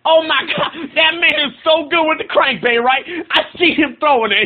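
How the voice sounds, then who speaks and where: A man ranting in a brash, excitable comic style. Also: very high voice, normal speed, few pauses. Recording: tinny phone-like sound.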